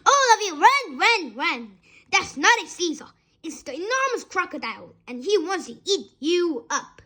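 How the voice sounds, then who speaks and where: A woman voicing a quick little male monkey urgently shouting warnings in a storybook reading. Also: extremely high pitch, very animated, voice pushed up, exaggerated voice.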